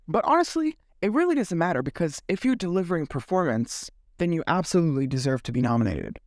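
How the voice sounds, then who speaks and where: A man hosting a casual movie commentary vlog, sassy and animated, swearing freely and slipping into mock voices. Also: fairly high pitch, no echo, studio quality. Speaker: film commentary host.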